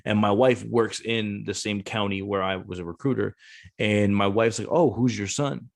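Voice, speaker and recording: His voice is lowish and gravelly, spoken at normal speed with fairly even intonation. The speaker, a Marine gunnery sergeant and ex-recruiter, talks loosely on a podcast, cursing freely and bluntly as he performs the voices in his stories.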